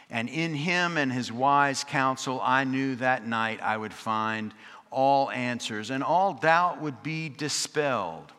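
A man delivers a storytelling sermon with a bright, clear voice. He drops in wry, chatty asides and leans on rhythmic repetition. The sound rings out with a long reverb, as in a church sanctuary. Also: mid-range voice, slow pace. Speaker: preacher. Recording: long reverb of a large hall.

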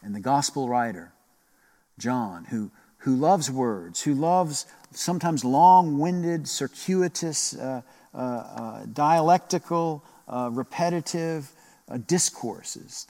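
A man preaching a sermon in a slow, reflective way, repeating phrases and pausing often. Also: mid-range voice, darkish tone, in a large hall. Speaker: pastor.

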